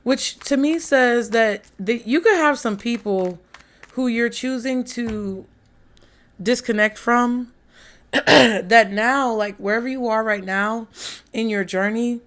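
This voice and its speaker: A woman's voice: a little high, slow, fairly bright tone. A woman, chatting casually through a tarot reading and talking straight to her viewers. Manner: chatty, laughs often, addresses viewers as y'all and child. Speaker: tarot reader.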